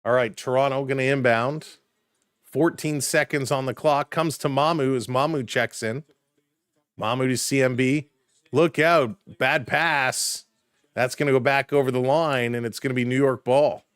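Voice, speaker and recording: A man doing live play-by-play commentary for a stream, calling plays quickly and chatting with viewers in between. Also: mid-range voice, clean tone, no echo, studio quality. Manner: rapid play calls, rising excitement on big plays, chatting with viewers.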